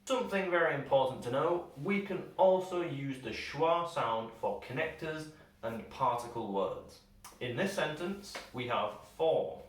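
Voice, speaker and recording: A man teaching English pronunciation, slowing down and stretching words to show each sound. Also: mid-range voice, recorded from a distance. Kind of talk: pronunciation lesson. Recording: very echoey room, voice set back from the mic.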